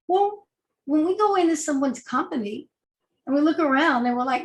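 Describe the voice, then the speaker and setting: A woman's voice: a little high, moderate pace, pauses often, echoey room, rough recording. A woman, an agile coach, giving a conversational talk with rhetorical questions. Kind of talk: presentation talk.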